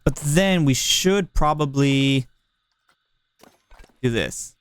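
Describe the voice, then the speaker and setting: Speaking very slowly in a smooth, mid-range voice, a man streams himself building in a park game, with no room sound audible. He muses aloud and banters playfully with his viewers in a relaxed livestream style.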